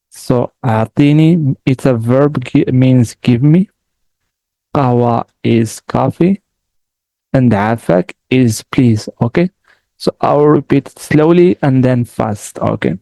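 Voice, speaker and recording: A man gives a patient language lesson, speaking slowly and repeating each word for the listener. His voice is mellow and gravelly with a rough edge. The recording is close and dry, with no room sound. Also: medium pitch, no echo, poor audio. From Morocco. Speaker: language teacher.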